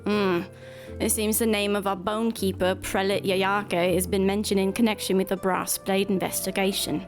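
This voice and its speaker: A woman's voice: medium pitch, natural voice. A woman voicing a smug, scheming male guildmaster in a game, with a put-on accent and a grand, formal delivery.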